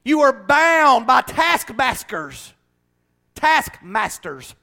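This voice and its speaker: A man preaching with passion in a high, bright voice. He swings from hushed scripture reading up to ringing shouts. Laughing asides keep it loose and lively. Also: drawn-out words. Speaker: pastor. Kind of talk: sermon.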